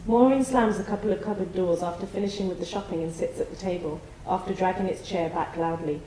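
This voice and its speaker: A woman reading a play's stage directions aloud in an even, descriptive way, in a theatre studio. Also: fairly low pitch, fast, reverberant, a little hiss or hum, rough recording.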